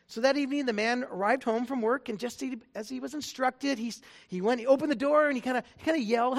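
A man's voice: extremely high pitch, fast. A male pastor giving a conversational sermon in a church, joking and often restarting his sentences. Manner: conversational, jokey, frequent restarts.

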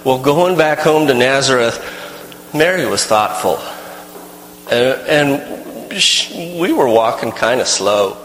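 A man's voice: medium pitch, animated, slow pace, fairly bright tone, echoey room, long reverb tail, slight background noise, poor audio. A man telling a first-person story in character, rambling and folksy, with many restarts.

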